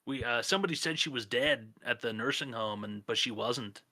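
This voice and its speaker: A man from Canada with a very bright, sharp edge to his voice, talking in a loose, easygoing way. He hosts a stream and tells offhand, profane stories, laughing often as he goes. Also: mid-range voice, brisk, no echo. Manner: laid-back, profane storytelling with frequent laughs. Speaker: streamer host. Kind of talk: casual chat.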